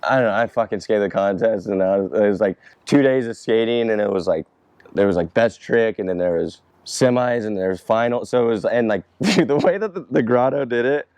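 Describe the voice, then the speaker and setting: A man's voice: fairly low pitch, a little fast, darkish tone, clean tone, dry recording. A young man in casual chat, answering fan questions about skateboarding in a loose, rambling way, swearing freely and laughing often.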